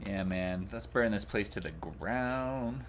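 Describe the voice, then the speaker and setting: A man playing a tabletop game, laid-back and quick to joke. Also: on the low side, a little hiss or hum. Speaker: player. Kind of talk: casual game chat.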